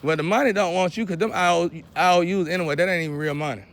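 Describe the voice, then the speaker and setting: A man's voice: high voice, fairly even intonation, quick pace, fairly bright tone. Scolding man preaching to viewers. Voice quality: frequent throat clearing. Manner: lecturing, scolding. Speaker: vlogger.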